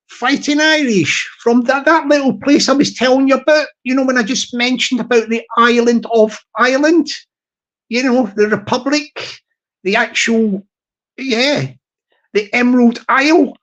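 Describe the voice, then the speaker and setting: A man's voice: extremely high pitch, moderate pace, a bit bright, muffled recording. A man hosting a live stream, chatting casually to viewers, self-mocking and chuckling at his own jokes. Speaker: livestream host.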